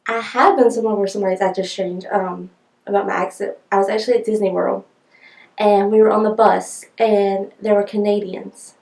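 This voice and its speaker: A woman's voice: medium pitch, fairly even intonation, moderate pace, vocal fry, darkish tone. Young North Carolina woman, distant and echoey. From rural North Carolina. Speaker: interviewee.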